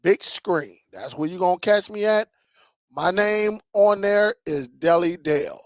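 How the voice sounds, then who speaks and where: A man with a high-pitched, gravelly voice talks casually to his channel's viewers. He tells stories in an animated way, repeating lines for emphasis. The sound is dry and close. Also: a little slow, no room sound. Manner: animated storyteller, laughs and repeats himself. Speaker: streaming tech channel host.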